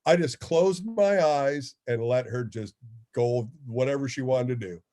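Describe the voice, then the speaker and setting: A man's voice: mid-range voice, a little slow. A former ballplayer turned radio host telling stories in a casual interview, acting out the people he quotes. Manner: animated storyteller, acts out quoted dialogue.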